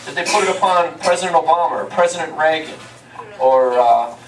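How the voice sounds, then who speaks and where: A man's voice: a little high, fairly quick, slight background noise. A man giving an emphatic, preacher-like lecture to a live audience, asking them questions and answering them himself. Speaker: touring speaker. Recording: echoey room, voice from far off.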